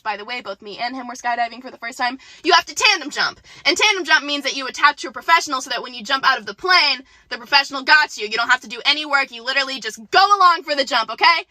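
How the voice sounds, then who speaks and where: A woman's voice: high voice, sharp tone, no room sound. A woman tells a story to her camera in a sarcastic, exasperated way. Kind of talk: storytelling challenge video.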